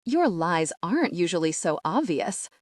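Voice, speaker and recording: A woman's voice: fairly low pitch, sing-song, normal speed, no room sound, studio quality. A woman reading as an earnest young queen. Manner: earnest, pressing.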